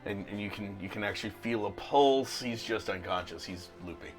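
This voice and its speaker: A man's voice: fairly low pitch, brisk, soft background music. A man narrating as game master in a tabletop role-playing session, laughing often and teasing his players.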